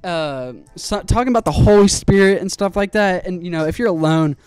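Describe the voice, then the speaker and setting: Excitable young man telling a story. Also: high voice, fairly quick, clean tone, no room sound, soft background music. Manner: animated, swearing, excitable storyteller. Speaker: streamer. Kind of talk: casual storytelling while building a PC.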